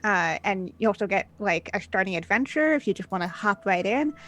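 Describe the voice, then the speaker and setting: A woman's voice: medium pitch, animated, fairly quick, a bit bright, faint music behind. A woman game master opening a tabletop role-play stream, upbeat and chatty, with many filler sounds. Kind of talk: stream intro and announcements.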